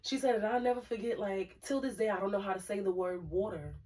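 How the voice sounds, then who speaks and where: A woman's voice: mid-range voice, fast talker, recorded from a distance. Chatty New woman, bit off-mic. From Brooklyn, New York. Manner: animated, lots of fillers and asides to listeners. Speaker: podcast co-host. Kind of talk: casual storytelling chat.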